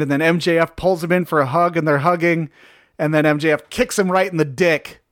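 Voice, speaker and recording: A man with a slightly high voice chats casually, cursing freely as he tells a long story. He acts out the quotes with lively energy. The sound is dry and close to the mic. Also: no room sound. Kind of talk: casual chat.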